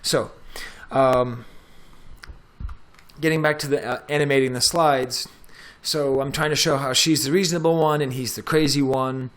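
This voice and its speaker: A man's voice: mid-range voice, steady tone, normal speed, a bit bright. Chatty man demoing slides. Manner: casual, chatty, talks while clicking through steps. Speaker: professor. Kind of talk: screen-recorded tech tutorial.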